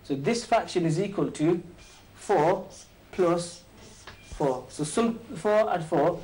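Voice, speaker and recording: A man hosting and teaching an informal maths lesson, quizzing a few students with quick questions and joking as he goes. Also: high voice, darkish tone, rough recording. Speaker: maths teacher and show host.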